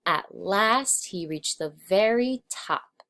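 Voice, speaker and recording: A woman reads a children's storybook aloud, slow and expressive. She lifts and drops her voice with the action of the tale. Her pitch sits in a middle range. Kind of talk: children's read-aloud narration.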